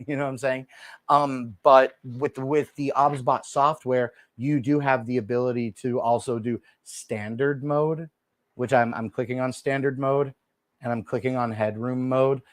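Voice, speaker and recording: A man hosting a live shopping stream, chatting casually and softly to viewers while demoing gear on a lapel mic. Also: medium pitch, unhurried, no echo. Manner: chatty, rambling, talks straight to viewers; speaking softly and relaxed instead of his usual loud delivery. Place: indoor room, moving around on camera. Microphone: wireless lapel mic.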